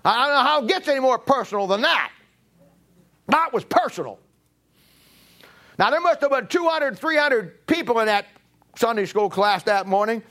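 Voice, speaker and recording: A middle-aged man gives sermon testimony, telling a personal story from the pulpit. His delivery swings between emphatic peaks and low, quiet stretches.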